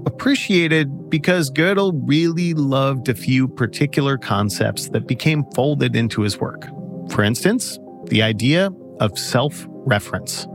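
A man's voice: medium pitch, unhurried, music in the background. A man co-hosting a podcast, narrating scripted explanations between interview clips. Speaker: co-host.

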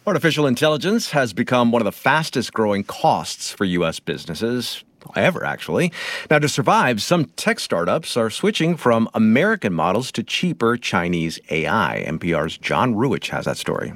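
Lively male news anchor, dry studio sound. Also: on the low side, normal speed, dry recording. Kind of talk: scripted news introduction.

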